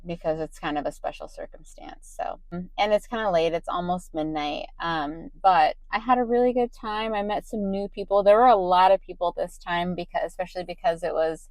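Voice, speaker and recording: Young woman vlogger, tired voice, slightly low pitch, dry close sound, casual rambling. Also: fairly quick, darkish tone, no echo, low-quality recording. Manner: rambling, many ums and restarts. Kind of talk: casual late-night vlog talk.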